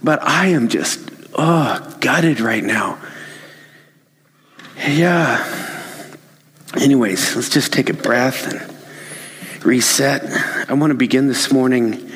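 A man's voice: medium pitch, fairly bright tone. A man preaching a sermon and telling a story, earnest and conversational. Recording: long hall reverb.

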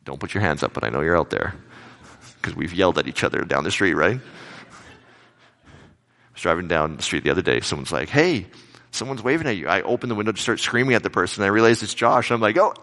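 A male pastor giving a casual, conversational sermon, telling everyday anecdotes with animated retellings. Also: deep voice, fast talker, creaky.

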